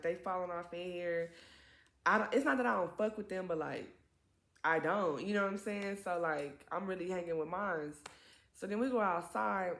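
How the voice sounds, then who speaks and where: A young woman in casual storytime mode, her everyday voice sitting slightly low. She swears freely and turns animated, leaping up in pitch whenever she acts out a quoted line. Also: gravelly, echoey room. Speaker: vlogger.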